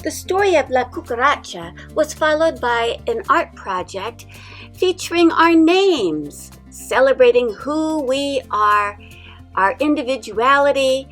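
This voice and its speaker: A woman storyteller with a high, bright voice, speaking slowly and expressively to a class of young children. Soft guitar music plays behind her in the classroom. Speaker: visiting storyteller and art teacher. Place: elementary school classroom.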